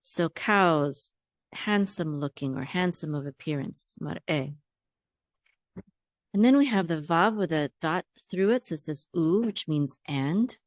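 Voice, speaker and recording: A woman's voice: low-pitched, expressive, a little slow, dry recording, clean studio sound. A woman teaching a language lesson, spelling words out syllable by syllable and patiently repeating each sound. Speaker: Hebrew teacher. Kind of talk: word-by-word reading lesson.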